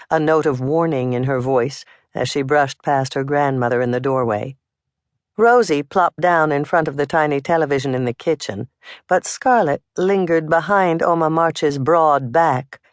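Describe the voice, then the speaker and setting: An audiobook narrator reads in a slow, measured, unhurried way. The sound is dry and close, with the voice sitting at a middle pitch. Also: no room sound.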